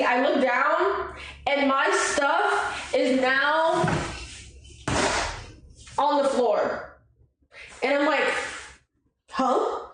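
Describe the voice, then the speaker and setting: A young woman with a high voice chats on a livestream, telling a story with lively swearing and bursts of laughter. Her voice bounces around a very echoey room, with faint noise underneath. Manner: animated, swearing, laughing, mimics people. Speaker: streamer. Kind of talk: casual storytelling chat.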